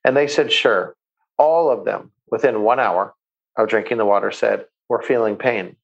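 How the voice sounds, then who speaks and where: A male interview guest speaks at a moderate pace in a low-side, creaky, husky voice, recorded with lo-fi sound. He answers questions and tells stories enthusiastically, often repeating words as he starts a sentence.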